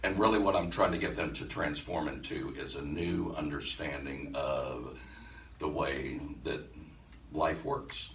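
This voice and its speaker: A man presenting at a workshop, telling a story to a live audience in an animated way and laughing as he goes. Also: very deep voice, slight background noise. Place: event room at a center. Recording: echoey room, mic some distance off.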